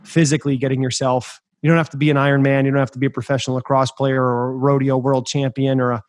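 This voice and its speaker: A man hosting a podcast, telling a story in an emphatic, energetic way. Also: medium pitch, quick pace, no echo. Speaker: podcast host.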